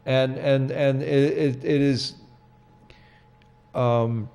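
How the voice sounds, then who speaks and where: Halting, mellow-voiced male talk show host. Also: medium pitch, steady tone, creaky, clean tone. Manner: halting, repeats words, many "you know"s. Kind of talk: casual chat.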